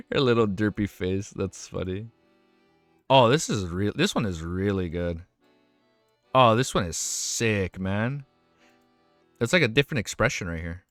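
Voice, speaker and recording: A man streaming live, reacting to fan art in casual chat, excitable and swearing often with quick exclamations. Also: lowish voice, dry recording, faint music behind.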